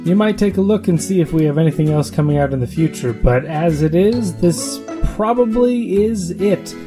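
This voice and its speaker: A podcast host giving a relaxed, grateful sign-off at the end of a season. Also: mid-range voice, moderate pace, over music. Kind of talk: casual sign-off.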